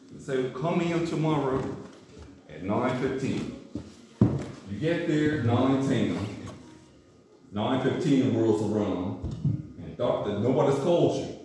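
A man preaching a sermon, asking the congregation questions and acting out everyday scenes. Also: mid-range voice. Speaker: pastor. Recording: echoey distant room mic with noise.

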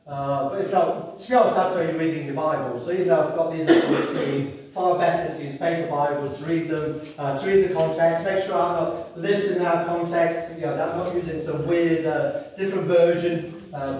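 A man's voice: a little high, a little mellow, a little hiss or hum. Earnest preacher man in an echoey hall. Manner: earnest, rousing, reads scripture aloud. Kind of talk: sermon. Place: church hall. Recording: echoey church hall from far off.

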